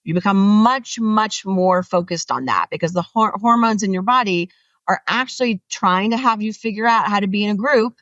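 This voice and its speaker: Animated woman guest, distant dull mic. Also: moderate pace, dry recording. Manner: animated, earnest, rises in pitch when making a point. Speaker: author guest. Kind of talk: interview conversation.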